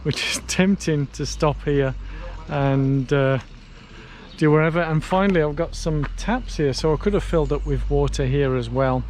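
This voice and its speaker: A man's voice: a little high, normal speed, a little mellow, a little hiss or hum. A man talking to camera as he walks outdoors along a canal path, tired after hours on his feet, chatty and self-mocking, thinking aloud with fillers. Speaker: vlogger on a long charity walk. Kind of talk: casual walking vlog, talking to camera. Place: outdoors on a canal towpath in hot sun.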